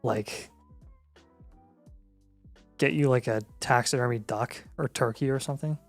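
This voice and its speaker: A man's voice: mid-range voice, a little slow, vocal fry, faint music behind. A man co-hosting a casual livestream, dropping dry, teasing asides. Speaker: co-host of a fantasy football livestream.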